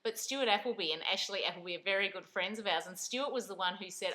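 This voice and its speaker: A woman's voice: medium pitch, fast talker, bright, forceful tone, poor audio. A middle-aged Australian woman hosting a casual vlog chat, enthusiastic and chatty as she answers viewer questions. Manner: chatty, enthusiastic, laughs often. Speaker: vlog host.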